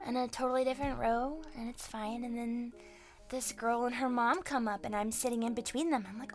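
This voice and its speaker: A young woman hosting a casual live stream, excitable and quick to laugh, swearing freely as she tells stories. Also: a little high, soft background music. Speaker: streamer host.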